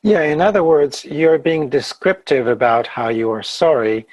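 A man co-hosting a podcast, speaking in a measured, hesitant way with frequent fillers as he sums up points. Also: fairly high pitch, a little mellow, dry recording, lo-fi sound. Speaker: podcast co-host. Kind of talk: conversational podcast discussion.

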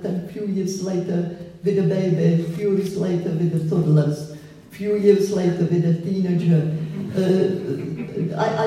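Slow, mellow-voiced older woman with a foreign accent. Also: fairly low pitch. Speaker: photographer, guest. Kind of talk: public conversation at a gallery event. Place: gallery hall with an audience. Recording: echoey hall, voice from far off.

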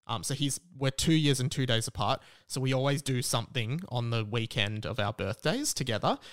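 A man's voice: medium pitch, animated, moderate pace, fairly bright tone. A man, hosting a solo podcast in a rambling, self-deprecating, chatty way. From Australia. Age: 20s. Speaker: podcast host.

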